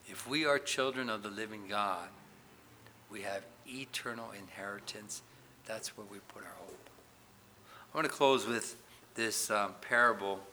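Guy preaching in church, emphatic, punchy questions, crisp bright voice. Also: on the low side, measured pace, a little hiss or hum. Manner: emphatic preaching, rising loud on questions and Bible quotes. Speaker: pastor. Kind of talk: sermon.

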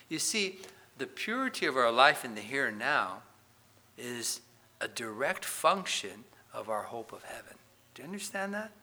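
A man's voice: medium pitch, big pitch swings, normal speed. A man preaching a sermon as pastor, asking the congregation questions and reading Scripture aloud with rising force. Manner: emphatic preaching, rising loud on questions and Bible quotes.

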